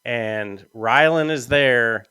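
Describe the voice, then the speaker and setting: Smooth, close-miked man telling stories. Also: medium pitch, takes it slowly, no echo. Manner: storytelling, relaxed and rambling; swears casually. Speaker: podcast host. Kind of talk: casual chat.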